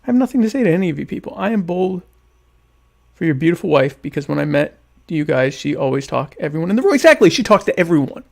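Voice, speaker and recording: A man's voice: fairly high pitch, very animated, fast talker, vocal fry. A man, hosting a casual live stream, joking and mock-indignant while he reads chat comments aloud. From United States. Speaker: podcast host.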